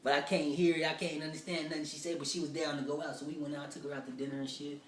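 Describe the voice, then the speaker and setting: A man's voice: fairly high pitch, flat delivery, rapid-fire, a little hiss or hum. A male comedian telling stories in a profane, rambling, casual way, recorded from a distance in a roomy space. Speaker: stand-up comedian. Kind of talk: stand-up storytelling, rough draft. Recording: roomy sound from a distant mic.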